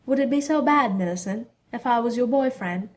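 An awkward, good-natured teenage wizard boy, read by a woman in an audiobook-style story. He talks in an earnest, slightly flustered way at a fairly high pitch. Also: lively intonation, brisk, a little mellow, lightly acted.

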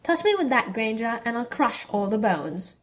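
A fierce, blunt teenage witch girl, voiced by a woman narrator in a storybook reading. She talks in a high, snappish, contemptuous way. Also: big pitch swings, moderate pace. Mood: scornful.

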